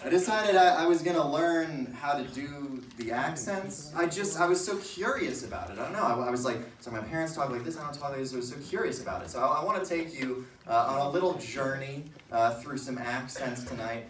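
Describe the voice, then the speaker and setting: A young man performing a stand-up comedy set, chatty and playful, tossing in quick "right?" asides. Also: on the high side, fairly bright tone, a little hiss or hum. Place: comedy venue with live audience. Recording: echoey room, distant mic.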